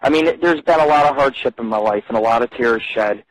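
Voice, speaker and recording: A man hosting his own radio show from the street, talking in a profane, rambling monologue and jumping up in pitch when he gets worked up. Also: fast talker, dry recording, rough recording. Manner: profane, animated, voice jumps high when agitated. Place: outdoors on a street.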